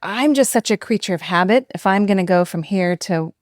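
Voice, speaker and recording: A woman's voice: medium pitch, fairly quick, no room sound, clean studio sound. A middle-aged woman co-hosting a podcast, chatting reflectively with her husband and giggling often. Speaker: podcast co-host. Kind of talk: casual chat.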